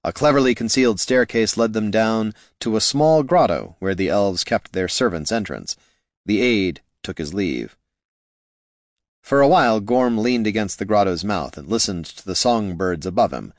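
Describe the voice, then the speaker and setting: A man narrating a fantasy story aloud in expressive scripted narration. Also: on the low side, no echo, clean studio sound. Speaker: audiobook narrator.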